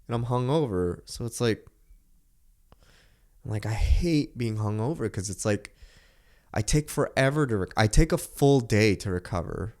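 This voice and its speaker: A young man with a somewhat low voice talks in a loose, rambling way, full of filler words and quick laughs. He sounds like a podcast host chatting casually at home. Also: lively intonation, a little mellow. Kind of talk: casual chat.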